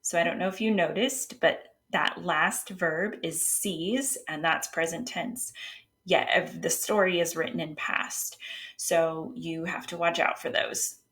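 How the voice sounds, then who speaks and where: A woman with a slightly low voice teaches writing as an editor. She explains each point patiently in a relaxed instructional tone, with the occasional filler or restart. Now and then she reads short example passages aloud. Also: unhurried. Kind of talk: casual instructional talk.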